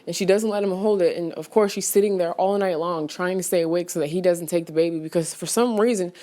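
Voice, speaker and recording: Pacing back and forth, a woman rambles through a casual film review for her vlog, stacking fillers and restarts and bursting into sudden outraged exclamations. Her voice is mellow and soft-edged, on the low side, and she talks fast.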